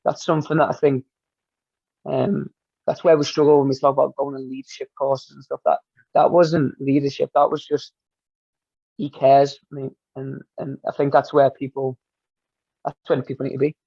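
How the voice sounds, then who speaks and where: A man's voice: mid-range voice, flat delivery, moderate pace, creaky, warm tone, breathy edge, dry recording. A Glaswegian man, a football coach guest, speaking earnestly and from the heart in a podcast interview. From Scotland. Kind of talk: casual interview chat. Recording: dull dry lo-fi sound.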